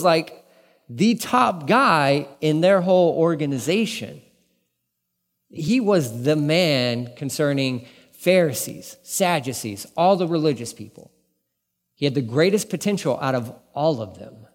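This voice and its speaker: A man preaching a casual sermon as a pastor, animated and conversational, acting out bits of dialogue as he teaches. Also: fairly high pitch, unhurried. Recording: long reverb in a large room.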